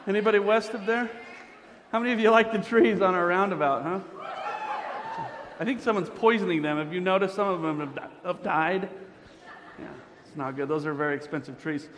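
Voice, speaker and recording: A man emceeing a pageant, joking playfully and quizzing the audience as he warms up the crowd. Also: high voice. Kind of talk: crowd warm-up banter. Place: large indoor auditorium. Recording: reverberant hall with crowd noise.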